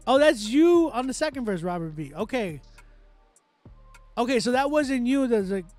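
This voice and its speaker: A man's voice: high voice, very animated, normal speed, pauses often, darkish tone, dry recording. A man from Texas, a music producer hosting a casual livestream, reading chat aloud and giving loose, talkative critique with frequent laughs.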